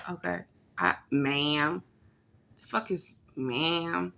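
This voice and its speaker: Low gravelly-voiced woman ranting bluntly. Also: extremely slow, heavy background noise. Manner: blunt, profane, animated. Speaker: vlogger. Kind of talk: casual storytelling rant.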